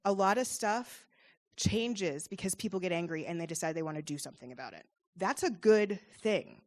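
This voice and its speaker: A woman's voice: on the low side, expressive, normal speed. A woman child therapist giving an informal, encouraging talk to parents, chatty and full of fillers. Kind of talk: informal presentation.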